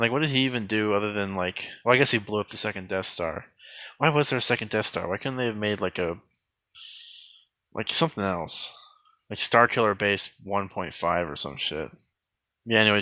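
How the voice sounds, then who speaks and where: A man giving a sarcastic mock film review in a deadpan, rambling way, full of fillers and restarts. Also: deep voice, no room sound.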